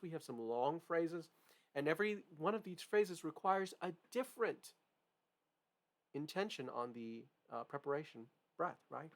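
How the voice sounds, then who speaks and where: Gravelly male music teacher explaining. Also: a little high. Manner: explanatory, frequent "right?" and "okay?" check-ins. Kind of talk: piano lesson demonstration.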